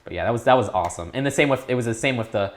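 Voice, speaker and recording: A young man in his teens talking casually as an interview guest, rambling with restarts and perking up when excited. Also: mid-range voice, rapid-fire. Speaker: YouTube creator, guest.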